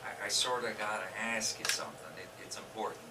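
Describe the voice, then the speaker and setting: A man's voice: on the low side, fast, background noise, natural voice. An actor playing a nervous older widower who stammers and hesitates as he speaks. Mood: tender. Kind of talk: stage play acting. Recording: roomy stage sound from far off.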